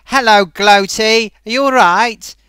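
A man voicing a flamboyant theatrical character who calls everyone "dear boy" and "darling" and repeats the host's name loudly in a sing-song. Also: high-pitched, a little slow, smooth, dry recording. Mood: gushing. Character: flamboyant theatrical luvvie man, gushing and grand.

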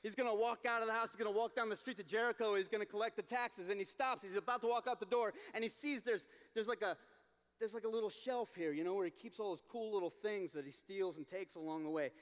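A man telling a story as a dramatic sermon at a youth event, acting it out and shouting at the peaks. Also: high-pitched, quick pace. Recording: long hall reverb.

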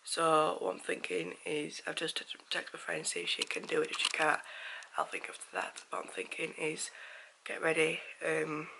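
Croaky, rambling woman vlogging. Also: low voice, a little hiss or hum, poor audio. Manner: rambling, often hushed and half-whispered. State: croaky morning voice. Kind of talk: casual vlog chat. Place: at home, indoors.

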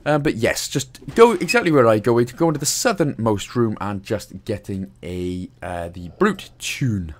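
A man's voice: lowish voice, animated, moderate pace, few pauses. Chatty Welsh man narrating gameplay. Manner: chatty, jokey, swears casually. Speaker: gaming guide host. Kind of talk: casual game walkthrough commentary.

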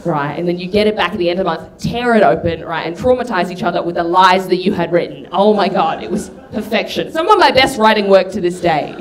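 Brash female stand-up, animated storyteller with shouted punchlines. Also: fairly low pitch, brisk, few pauses. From Australia. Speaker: stand-up comedian. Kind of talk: stand-up routine. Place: comedy club stage with audience.

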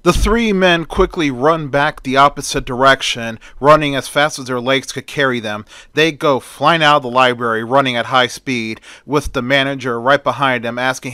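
A man's voice: mid-range voice, steady tone, moderate pace, sharp tone, clear, resonant tone, no echo. A man retelling a film story in a plain, conversational way.

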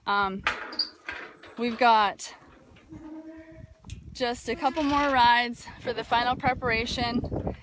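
Woman, fairly high voice, casual live chat, many ums, outdoors, phone, faint wind. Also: a bit bright. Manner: thoughtful, many fillers and restarts. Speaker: barrel racing trainer hosting a live video. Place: outdoors near a barn, breezy. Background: wind noise.

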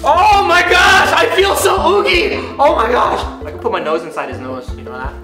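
An excited man hosting an unboxing vlog from his bathtub, shouting and giggling a lot. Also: extremely high pitch, moderate pace. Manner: hyper, shouty, giggly, lots of slang. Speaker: vlogger host. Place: in a bathtub at home. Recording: echoey bathroom with background music.

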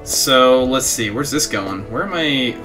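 A young man streams himself playing a video game, chatting casually, reading the on-screen text aloud and laughing at his own antics in a let's play commentary. His voice sits in the mid range, with lively intonation and a measured pace. Faint game music plays in the background.

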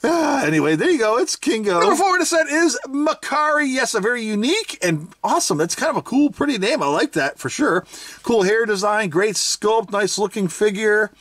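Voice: mid-range voice, big pitch swings, fairly quick, a bit bright, dry recording. Giggly toy reviewer doing a chatty unboxing, voice jumps all over, dry close sound. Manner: thinks aloud, unsure asides. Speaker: toy reviewer, channel host.

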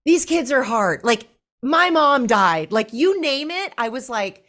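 A woman's voice: high voice, big pitch swings, measured pace, a bit bright. A woman guest on a podcast, speaking candidly and bluntly in casual chat.

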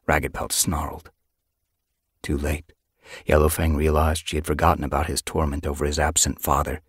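A man reading an audiobook as narrator, in a measured storytelling manner, recorded in a studio. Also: very deep voice, little pitch movement, breathy edge, no echo. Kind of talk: scripted narration.

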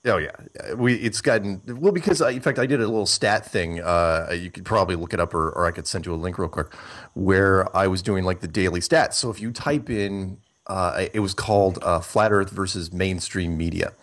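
Man, very low voice, interview guest, rambling, lots of uh and restarts. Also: normal speed, a bit bright. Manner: rambling, thinks aloud with many fillers and restarts. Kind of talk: casual interview talk.

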